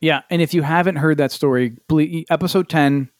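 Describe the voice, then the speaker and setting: A man's voice: fairly high pitch, fairly quick, dry recording, studio quality. A man co-hosting a podcast, chatting casually and telling stories with acted-out quotes and casual swearing. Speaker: podcast co-host. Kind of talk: casual chat, storytelling.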